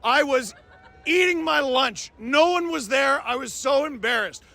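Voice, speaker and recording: Man, high voice, very bright and sharp, yelling fan rant. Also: lively intonation, measured pace, creaky. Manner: loud yelling rants. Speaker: hockey fan commentator.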